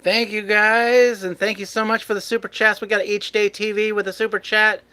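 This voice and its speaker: A man's voice: high voice, flat delivery, moderate pace, noisy background. A man hosting a live stream, chatting casually with his viewers and chuckling often. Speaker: livestream host.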